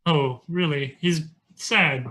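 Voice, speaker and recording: Game master doing a gruff old dwarf master. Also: mid-range voice, slow, bright, forceful tone. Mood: calm, wise.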